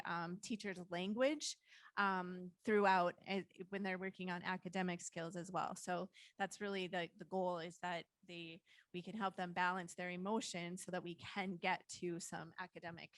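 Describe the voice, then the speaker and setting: A woman's voice: mid-range voice, a bit bright, dry recording. A woman who works in school learning design, giving a conversational presentation to foster parents on school practices. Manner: conversational, explains curriculum to adults. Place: online meeting.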